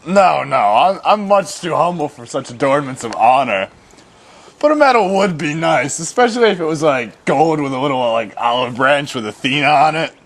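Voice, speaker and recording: Pompous young man, high, lively hero voice. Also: moderate pace, background noise. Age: young adult. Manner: mock-heroic, pompous, over-the-top. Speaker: lead actor playing the hero. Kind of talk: amateur comedy film acting. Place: outdoors in a backyard.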